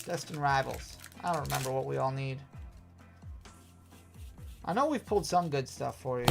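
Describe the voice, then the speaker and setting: A man's voice: mid-range voice, animated, normal speed, creaky, pauses often, faint music behind. A man with a Wisconsin accent hosting a live stream, opening card packs and reading out chat, chatty and self-deprecating with frequent laughs. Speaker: host.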